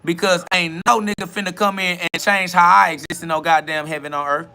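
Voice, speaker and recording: High, bright-voiced man preaching in slang. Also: flat delivery, brisk. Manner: emphatic, profane, repetitive preaching cadence. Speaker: self-styled spiritual podcast host. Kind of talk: improvised street-slang sermon. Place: outdoors beside a road with passing cars.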